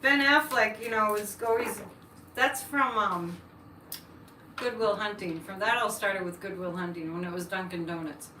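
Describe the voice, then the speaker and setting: Chatty and prone to political rants, this woman runs a psychic livestream where she talks with viewers and reads comments aloud. Her mid-range voice is pushed and bright, and her pace is moderate. A distant mic in an echoey room picks up a little hiss or hum.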